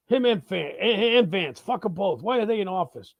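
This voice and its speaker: Heated, swearing man with a high voice. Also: lively intonation, normal speed, creaky, highs cut off, faint music behind. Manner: profane, heated and sarcastic, swears constantly. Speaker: host of a live talk show. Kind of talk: ranting political monologue.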